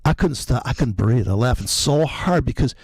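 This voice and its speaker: A man's voice: mid-range voice, expressive, moderate pace, a little mellow, slightly rough, low-quality recording. A man in casual chat, telling crude jokes and stories with a lot of swearing. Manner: crude, joking storyteller who swears freely.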